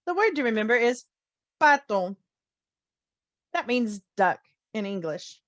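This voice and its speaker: Woman phonics teacher, higher voice, very slow and careful delivery, dry sound. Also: sing-song, no echo, muffled recording. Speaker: language teacher. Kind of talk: slow children's phonics lesson.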